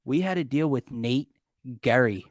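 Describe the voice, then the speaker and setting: A man hosting a casual sports talk show, excitable and rambling, often cutting himself off mid-thought. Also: medium pitch, normal speed, dry recording, clean studio sound. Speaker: podcast host.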